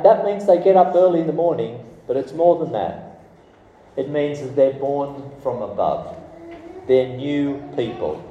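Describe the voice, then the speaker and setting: A man preaches a sermon, chatty and animated, his warm, mellow voice swinging up and down. He sounds a little far from the mic in an echoey church hall, with faint background noise. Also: fairly high pitch. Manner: lively, conversational preaching with asides. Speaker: pastor.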